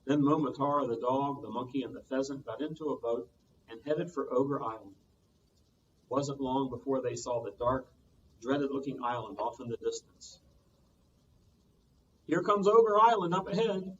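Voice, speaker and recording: A man, a children's librarian, reading a storytime tale aloud with lively sound effects, heard from a distance on muffled audio. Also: mid-range voice, normal speed, a little hiss or hum.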